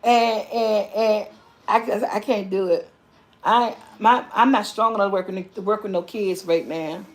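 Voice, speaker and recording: A woman vlogger with a mid-range, fairly even and slightly slow voice chats loosely with viewers on a live stream. She reads their comments aloud, rambles, repeats herself and calls them y'all.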